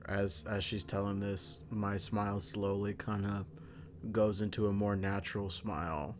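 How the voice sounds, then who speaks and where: Male player, fairly low voice, casual, narrating his moves, faint background noise. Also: level tone, unhurried. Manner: casual, describes his actions. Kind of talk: tabletop game play.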